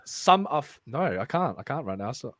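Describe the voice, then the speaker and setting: A man's voice: mid-range voice, sing-song, moderate pace. A man hosting a casual live chat, reading an article aloud, laughing often and stumbling as he tries a put-on accent. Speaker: podcast host.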